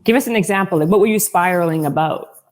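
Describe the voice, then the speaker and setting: A woman's voice: on the low side, quick pace. A woman hosting a podcast interview, asking curious, probing follow-up questions. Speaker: podcast host. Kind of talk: interview conversation.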